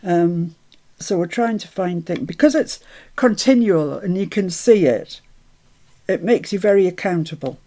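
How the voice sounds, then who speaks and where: An unhurried woman with a lowish voice leads a casual crafting livestream, narrating each step as she goes. She greets chat viewers warmly and talks under her breath while working, keeping things chatty.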